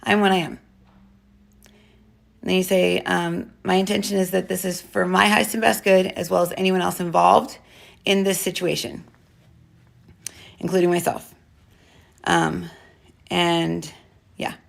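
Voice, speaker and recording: A woman's voice: on the low side, little pitch movement, unhurried, creaky, pauses often. A woman in her thirties teaching intuition in a casual, rambling talk to camera, full of fillers and restarts. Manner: rambling, self-interrupting, many fillers. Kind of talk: casual spoken lesson to camera.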